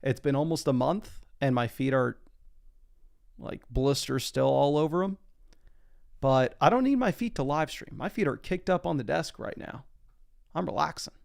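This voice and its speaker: A young man talks through a live stream from his desk in a loose, chatty way, reading viewer comments aloud as he goes. His voice sits a little high and carries a steady gravelly fry. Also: moderate pace. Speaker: fantasy football live streamer. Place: home desk.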